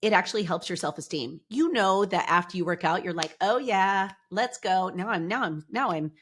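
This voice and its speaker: A woman's voice: fairly low pitch, a little fast, a little hiss or hum. Bubbly middle-aged woman podcast host. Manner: bubbly, animated, chatty with fillers like "like" and "y'all". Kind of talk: upbeat motivational podcast talk.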